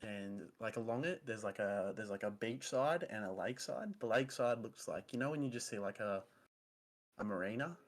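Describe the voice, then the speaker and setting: A man's voice: on the low side, animated, moderate pace. A man co-hosting a podcast, chatting casually and telling rambling, easily sidetracked stories. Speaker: podcast co-host. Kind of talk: casual chat.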